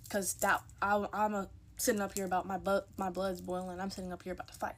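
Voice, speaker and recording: A woman's voice: medium pitch, little pitch movement, quick pace. A young woman telling a casual storytime into her phone, chatty and emphatic, acting out the people in her story.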